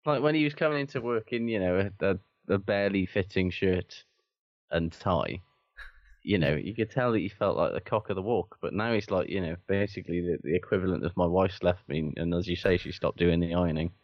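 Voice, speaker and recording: A man's voice: low voice, brisk, no echo, highs cut off. A man co-hosting a podcast in casual chat, dry and sardonic, swearing freely. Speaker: podcast co-host.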